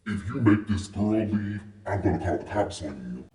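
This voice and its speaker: A woman's voice: extremely low pitch, animated, moderate pace, dark tone, echoey room, recorded from a distance, voice pushed down. A woman voicing a panicked young man who curtly and repeatedly tells his date to leave. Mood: threatening. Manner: curt, repeats himself, dismissive.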